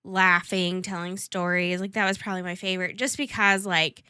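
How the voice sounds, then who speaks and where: A woman's voice: on the low side, steady tone, normal speed, pushed and bright, clear, resonant tone, dry recording, clean studio sound. A woman hosting a podcast in casual chat, bantering bluntly and joking. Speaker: podcast host.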